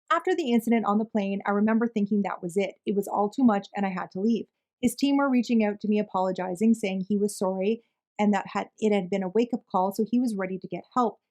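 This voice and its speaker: A woman reading a written witness statement aloud in a steady, measured way. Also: medium pitch. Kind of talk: plain read-aloud narration.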